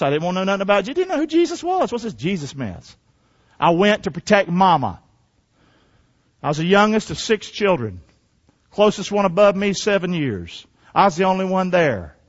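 High, lively-voiced preacher man. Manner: emphatic, asks the congregation questions. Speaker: pastor. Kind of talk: sermon with personal testimony. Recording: dull sound in a reverberant hall.

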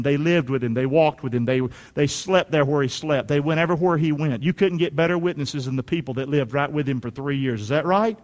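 A male pastor, preaching an animated sermon that swings from shouts to quiet asides. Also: a little high, brisk, in a large hall.

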